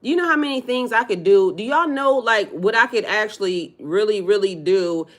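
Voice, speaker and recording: A woman's voice: mid-range voice, lively intonation, normal speed. Blunt, chatty woman vlogger. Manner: blunt, conversational, profane, addresses viewers as y'all. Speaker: spiritual life coach and channel host. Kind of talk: casual vlog commentary.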